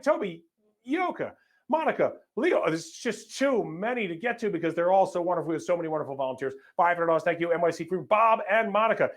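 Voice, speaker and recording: A man hosting a live charity benefit, upbeat and joking as he reads out donor names and gift amounts. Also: high-pitched. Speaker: fundraiser auction host. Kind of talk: live benefit fundraising call-out.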